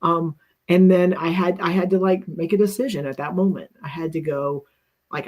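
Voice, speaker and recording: A woman's voice: deep voice, steady tone, normal speed, darkish tone. A middle-aged woman co-hosting a talk, telling a personal story in an earnest, reflective way and often restarting her sentences.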